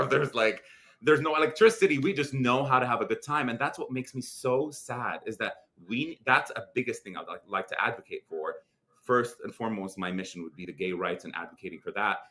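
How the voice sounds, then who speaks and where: This interview guest is a young man from Lebanon whose Lebanese accent comes through as he chats animatedly and casually. He restarts frequently, leans on fillers, and speaks at a medium pitch.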